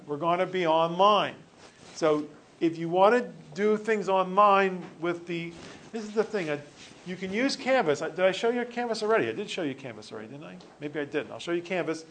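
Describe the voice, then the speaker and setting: A man's voice: high voice, lively intonation, a little fast, fairly bright tone, a little hiss or hum. A male teacher giving a classroom lecture, joking with students and correcting himself as he rambles.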